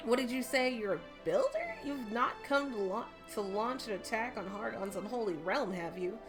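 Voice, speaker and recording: A woman voicing a gruff, suspicious skeleton guard in a video game, barking stern orders in a deepened voice. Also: sing-song, normal speed, over music.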